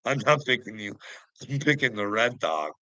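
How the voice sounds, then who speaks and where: A Canadian man hosting a livestream, goading the people in his chat and chuckling after nearly every line. He talks in an unhurried drawl with a bright, forceful edge, and his voice is close and dry with no room sound. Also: mid-range voice, big pitch swings, no room sound, low-quality recording. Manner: taunting, laughs often between phrases; addresses chatters by name, mocking. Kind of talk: casual livestream chat with viewers.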